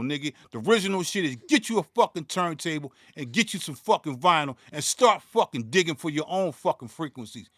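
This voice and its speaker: A man's voice: a little high, animated, a little fast, hardly any pauses, a bit bright, no room sound, clean studio sound. A man, hosting his own beatmaking channel and ranting in a profane, heated way, stumbling and repeating words as he gets worked up. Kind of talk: livestream rant.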